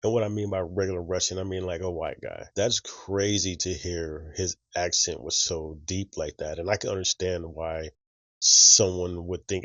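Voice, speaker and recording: A man's voice: deep voice, no room sound, muffled recording. A man hosting a reaction channel, commenting in a conversational, reflective way and thinking aloud as he goes. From United States.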